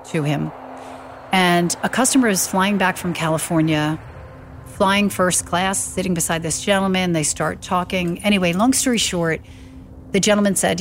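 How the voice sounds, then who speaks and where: A woman's voice: lowish voice, a little hiss or hum. A middle-aged woman recounting her father's life as an interview guest, animatedly acting out the quoted dialogue, with faint music behind. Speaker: guest telling her late father's story. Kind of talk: storytelling interview.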